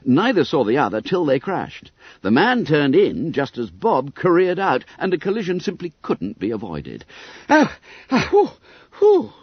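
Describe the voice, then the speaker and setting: A man narrating an audiobook in an expressive, lively storytelling manner. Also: fairly high pitch, moderate pace, husky, no room sound. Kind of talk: scripted narration. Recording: dull, dry audiobook recording.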